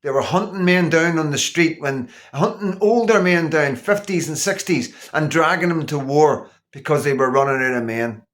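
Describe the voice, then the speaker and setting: A man's voice: a little high, moderate pace, hardly any pauses, a bit bright. A man vlogging an indignant, sarcastic political rant, repeating himself for emphasis. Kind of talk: ranting political monologue.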